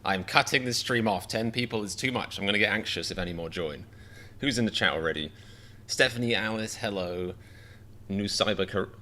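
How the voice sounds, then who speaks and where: A man's voice: lowish voice, pushed and bright. A man hosting a casual livestream, greeting viewers one by one with wry, self-deprecating humor. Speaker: livestream host reacting to chat.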